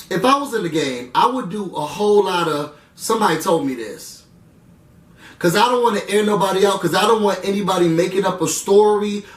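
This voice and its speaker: A man chatting through a casual TV recap, animated and slangy, full of asides to his viewers. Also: high voice, far from the mic. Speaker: reality TV recap vlogger. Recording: roomy room sound, away from the mic.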